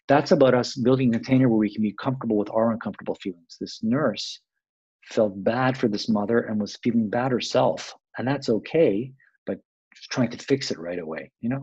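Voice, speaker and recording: A man speaks as a palliative care doctor in an interview, answering at length in a reflective, meandering way. His voice is a little low and husky, and he keeps circling back with restarts and fillers. The recording is dry and dull, with the highs rolled off. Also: darkish tone, dry recording. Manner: reflective, many restarts and "you know" fillers.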